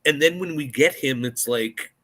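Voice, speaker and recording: A man co-hosting a casual movie podcast, animated and swearing freely as he talks through a film. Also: on the high side, normal speed. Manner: animated, swears freely, slips into mock voices. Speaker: podcast co-host.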